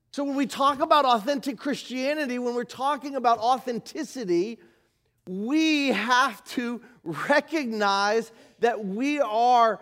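A man preaching a sermon as pastor, animated, moving from loud emphasis to quiet asides. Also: very high voice. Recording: live church service.

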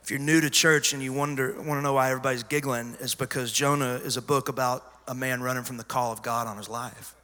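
Man, pastor, very bright tense tone, emphatic storytelling, long church reverb. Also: medium pitch, steady tone, fast, few pauses. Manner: emphatic storyteller, swinging from hushed asides to loud cries. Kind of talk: sermon testimony. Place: large church sanctuary.

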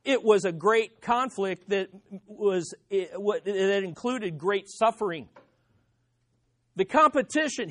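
A pastor preaching an expository sermon, stressing points by swinging between loud and hushed delivery and asking the listeners rhetorical questions. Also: mid-range voice.

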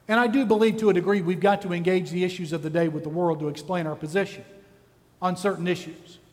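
Man preaching hard, high voice, lots of questions, big hall with long echo. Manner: intense, rhetorical preaching with many questions. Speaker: pastor. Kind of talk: sermon.

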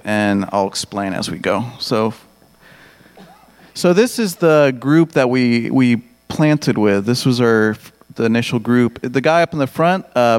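A missionary pastor from Texas, speaking with a Texan accent and reporting on his church work in a halting way, with many restarts and easy laughs. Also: mid-range voice. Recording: long hall reverb.

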